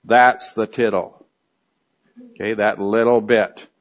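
A man's voice: lowish voice, level tone, slow pace, muffled recording. A man giving a teaching sermon, explaining verses and often checking in with his listeners. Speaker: Bible teacher.

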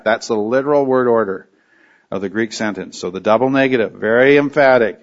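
A man's voice: medium pitch, brisk, dull audio. A man preaching an expository sermon, teaching in a conversational way and now and then acting out short quotes. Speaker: pastor.

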